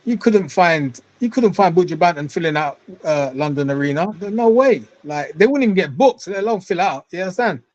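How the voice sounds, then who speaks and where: A man's voice: high voice, animated, brisk, hardly any pauses, a little mellow, highs cut off. A man in casual chat who swears freely and talks in a streetwise way.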